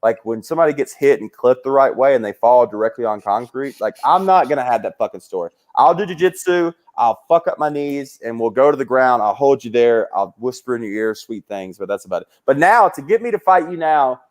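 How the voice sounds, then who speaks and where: A comedian spins fast, profane stories, his voice climbing high whenever he mimics someone. His voice sits at an everyday middle pitch for a man. He sounds like a lively young adult. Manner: animated, swearing, jumps into high voices for quoted people. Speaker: comedian guest. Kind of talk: casual storytelling.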